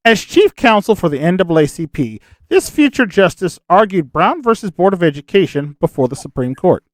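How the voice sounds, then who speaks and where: A man's voice: high-pitched, sing-song, a little fast, dry recording, clean studio sound. A man from Nebraska hosting a casual parody quiz over a video call, reading clues with small stumbles and joking asides. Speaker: quiz show host.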